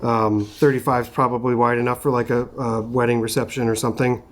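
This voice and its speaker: Talking quickly at medium pitch, a young Minnesota man chats casually about camera gear, reviewing a lens as host and photographer. He's relaxed and loaded with fillers such as "like" and "um," recorded outdoors at a rocky sunset spot on a compact on-camera shotgun mic.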